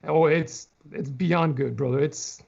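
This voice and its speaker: A man's voice: on the high side, unhurried, creaky. A man, a pastor, chatting casually and enthusiastically on a video call, born on an island outside America. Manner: animated, enthusiastic, with restarts. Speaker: pastor and guest. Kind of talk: casual livestream chat. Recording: dull lo-fi video call audio.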